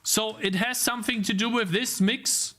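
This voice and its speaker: A man's voice: high-pitched, steady tone, moderate pace, sharp tone. A man live-streaming his coding, talking to his chat as "guys" and swearing aloud at his code in exasperation.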